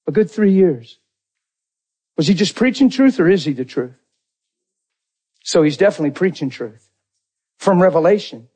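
A man preaching a sermon in a dramatic way, jumping from loud exclamations to hushed low lines. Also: animated, normal speed, pauses often, husky.

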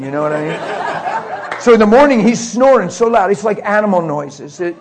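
A male preacher telling an animated story in a sermon, laughing often and acting out other people's voices. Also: high voice, a little fast, a faint crowd, slight background noise.

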